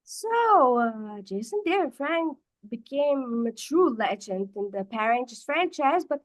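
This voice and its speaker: Slow, halting woman with raised pitch. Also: sing-song. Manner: halting, many hesitant pauses. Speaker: guest participant. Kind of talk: casual group chat.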